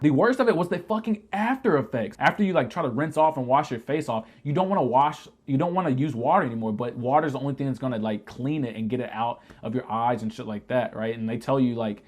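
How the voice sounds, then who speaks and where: Fast-talking man telling a profane story. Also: medium pitch. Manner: profane, animated retelling that shouts quoted lines. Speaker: vlogger telling a military story. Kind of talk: casual storytime vlog.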